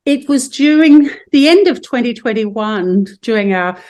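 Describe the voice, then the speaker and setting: A woman's voice: a little high, animated, a little slow, darkish tone. An Australian woman hosting a spiritual podcast over a video call, speaking in soothing, gushing affirmations. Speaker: podcast host.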